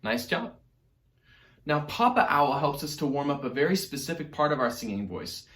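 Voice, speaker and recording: A man's voice: sing-song, normal speed, fairly bright tone, reverberant. Cheerful man teaching a kids' music lesson. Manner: upbeat, encouraging, demonstrates owl hoots and squeaky voices. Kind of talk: online music lesson for young children.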